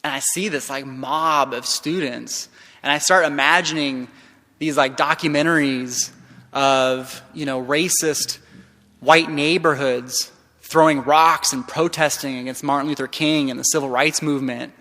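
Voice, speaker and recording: A man delivers a keynote talk in a large hall, and the long reverb trails his voice. He speaks with a bright, forceful tone that sits a little high for a man. His storytelling is impassioned, swinging between hushed passages and loud ones. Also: steady tone, a little slow.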